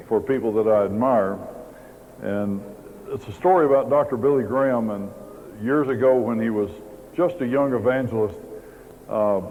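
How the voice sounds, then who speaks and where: A man addresses a packed auditorium, spinning a folksy, humorous story for the crowd. The audio is narrow and phone-like, and a long hall reverb trails every word over a faint hiss. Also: medium pitch. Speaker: speaker at a business convention. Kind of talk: motivational speech with storytelling. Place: large auditorium.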